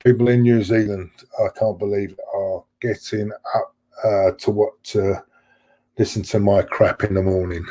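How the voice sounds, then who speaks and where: With a lowish, steady, slightly mellow voice and a slightly slow pace, a middle-aged fan channel host chats with his live-stream viewers. He reads their messages and tends to ramble and repeat himself.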